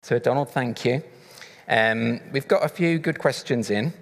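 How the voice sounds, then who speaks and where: A man moderating questions after a sermon, relaxed and brief. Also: medium pitch, unhurried. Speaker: question host. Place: church hall. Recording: reverberant hall, from a distance.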